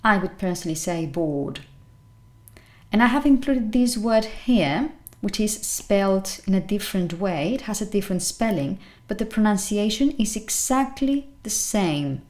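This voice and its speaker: Woman language teacher, slow deliberate pronunciation, repeats each word. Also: mid-range voice, expressive, a little mellow. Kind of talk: pronunciation lesson.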